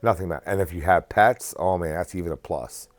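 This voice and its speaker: A man's voice: low voice, a little fast, no echo, soft background music. A man giving casual, earnest advice in a rambling rant that often repeats and restarts phrases. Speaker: vlogger.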